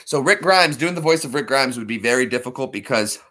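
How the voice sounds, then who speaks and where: A man's voice: mid-range voice, animated, brisk, bright, forceful tone. A man chatting casually in a vlog, rambling and laughing between attempts at impressions. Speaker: vlogger.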